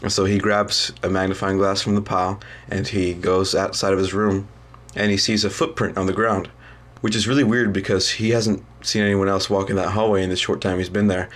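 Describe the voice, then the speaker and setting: A young man, a student, casually retelling a story in a halting way, full of ums and restarts. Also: low voice, little pitch movement. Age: young adult.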